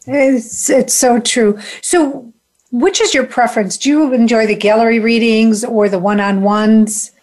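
This is a woman hosting a talk show, her voice sitting a little high. She asks questions and agrees with her guest in a relaxed, conversational manner. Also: unhurried. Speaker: host. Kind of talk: casual talk show interview.

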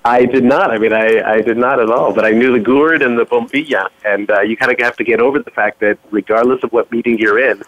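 A man appearing as a guest on a radio show, telling a story in a relaxed, hesitant way with many fillers. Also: mid-range voice, quick pace, hardly any pauses, no echo, highs cut off. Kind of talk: casual storytelling on a radio call.

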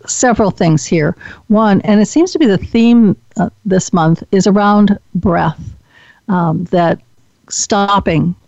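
A woman's voice: on the low side, a little mellow, no echo, highs cut off. A woman hosting an interview, summarizing and affirming her guest's points in a reflective way. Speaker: host.

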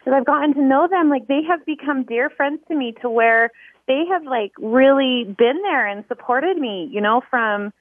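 A woman's voice: high voice, moderate pace, no room sound. A woman calling in to a radio show and talking in a rambling way with many fillers. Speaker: caller. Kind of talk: phone-in conversation. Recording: thin telephone line.

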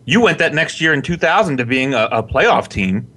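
A man co-hosting a casual sports talk show, arguing his points in an animated way and reasoning them through aloud. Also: a little high, moderate pace.

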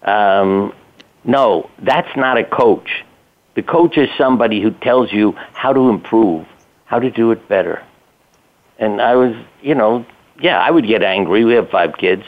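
A man's voice: on the low side, expressive, unhurried. An older man, a physician and interview guest, telling plainspoken anecdotes in a casual conversational way, with the odd curse. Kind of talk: conversational storytelling. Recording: tinny phone line.

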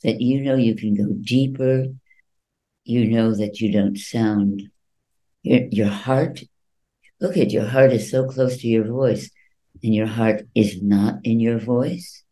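Male voice coach guest, unhurried, acts out quoted voices, dark mellow timbre. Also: mid-range voice, steady tone, low-quality recording. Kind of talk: interview answers.

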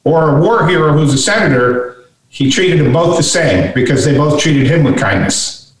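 Animated middle-aged man telling a story, echoey. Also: fairly high pitch, moderate pace. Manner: animated storyteller who acts out quoted voices. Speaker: guest author. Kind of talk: storytelling in a conversation. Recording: echoey room, voice from far off.

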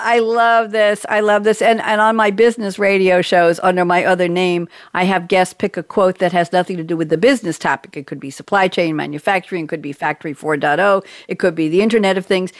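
A woman's voice: medium pitch, no room sound, studio quality. Effusive woman hosting a panel show. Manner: effusive, laughs often. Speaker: show host.

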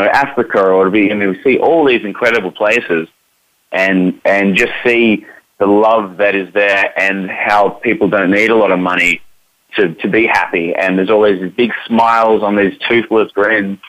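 A man's voice: lowish voice, a bit bright, dry recording. An Australian man, an actor guest on an interview show, talking in an upbeat way and repeating words as he thinks. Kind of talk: interview answers. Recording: dull lo-fi, dry sound.

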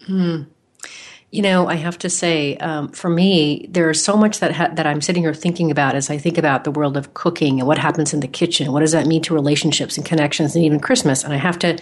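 Low-voiced woman telling a story. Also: fairly quick. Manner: warm, animated storyteller. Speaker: podcast host. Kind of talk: casual storytelling interview.

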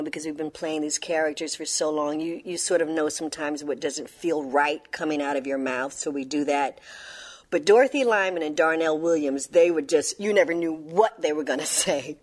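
A woman, a guest actress, telling an interview anecdote with animated, laughing storytelling. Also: sits low.

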